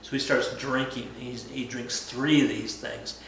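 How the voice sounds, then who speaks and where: A man's voice: medium pitch, unhurried, slight background noise. Chatty male teacher in an echoey room. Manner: chatty, animated, acts out dialogue. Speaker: history teacher. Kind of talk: casual storytelling lesson.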